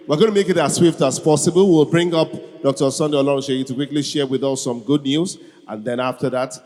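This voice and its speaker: A man hosting a live event, hurried, restarting phrases as he calls for applause. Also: mid-range voice, a little mellow. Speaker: event emcee. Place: large event hall. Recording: reverberant hall, long echo.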